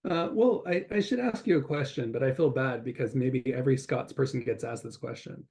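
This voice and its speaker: A man hosting a video-call interview, halting and filling his sentences with repeated words. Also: medium pitch, darkish tone. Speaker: interviewer and anthology editor. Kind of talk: casual interview chat.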